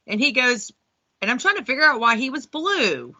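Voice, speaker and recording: A woman guest on a paranormal talk radio show, telling a long, animated story with many fillers. Her voice is bright and forward. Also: a little high, brisk. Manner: rambling, animated retelling with lots of fillers.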